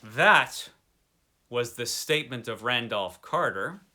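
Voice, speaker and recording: A man's voice: medium pitch, measured pace. A man giving a dramatic, theatrical reading of a horror story. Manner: expressive, theatrical delivery. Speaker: story reader.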